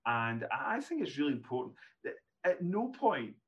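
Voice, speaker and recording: A man in his fifties, a neurologist telling self-deprecating stories as a podcast guest, animated, with frequent restarts. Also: a little high, normal speed, muffled recording. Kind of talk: casual podcast storytelling.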